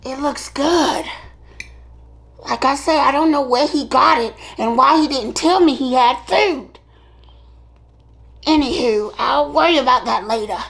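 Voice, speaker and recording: A performer doing a squeaky, gravelly mermaid woman. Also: unhurried, pauses often, fairly bright tone, exaggerated voice, low-quality recording. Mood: sneaky chatter. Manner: sing-song rhyming prayer. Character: mischievous food-stealing mermaid woman. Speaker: mukbang show host character. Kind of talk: comedic mukbang character skit.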